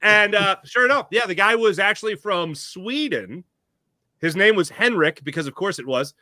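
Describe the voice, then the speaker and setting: A bright, high-pitched man chats as a guest on a sports talk show. He tells animated stories and acts out the voices of the people in them. The sound is close and dry. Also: moderate pace, no room sound. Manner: animated storyteller, acts out quotes. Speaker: guest commentator. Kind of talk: casual sports chat.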